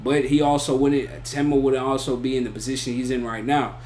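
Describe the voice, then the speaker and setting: A man's voice: mid-range voice, level tone, a little fast, darkish tone, a little hiss or hum. A man giving a casual, rambling spoken review of an anime, full of slang and repeated "you feel me" and "bro". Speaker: anime reaction YouTuber.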